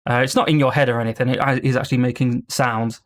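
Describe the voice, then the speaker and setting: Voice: mid-range voice, steady tone, fast. A game master narrating a tabletop game with loose, laughing delivery.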